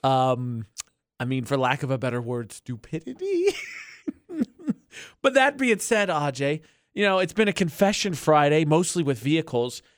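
A man's voice: fairly high pitch, very animated, normal speed, no echo. A man hosting a radio show, chatty and often laughing, talking through a call-in segment. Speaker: radio host. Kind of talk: casual radio banter.

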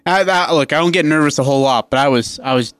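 Fast-talking and smooth, this male sports radio co-host spins animated stories, acting out what people said and laughing a lot. His voice is fairly high, with no echo on the recording.

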